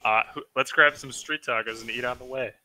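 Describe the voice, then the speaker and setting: A man's voice: medium pitch, steady tone, a little fast, bright, forceful tone, rough recording. A man playing a tabletop game over a call, chatting casually and cracking jokes. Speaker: player. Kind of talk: casual chat.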